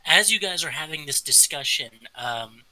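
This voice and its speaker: A man's voice: on the high side, lively intonation, moderate pace, bright, forceful tone, dry recording, poor audio. A man narrating as game master of a tabletop game, describing scenes with casual fillers.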